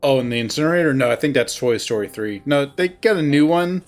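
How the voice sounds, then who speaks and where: A man's voice: mid-range voice, expressive, fast. A man on an online voice call, chatting casually, rambling with laughs and swearing. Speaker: co-host playing a visual novel. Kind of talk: casual chat.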